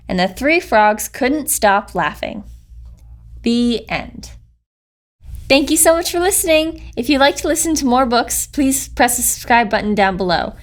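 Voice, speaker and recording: A woman reading a children's picture book aloud with gentle, expressive storytelling. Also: on the high side, normal speed. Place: recording studio.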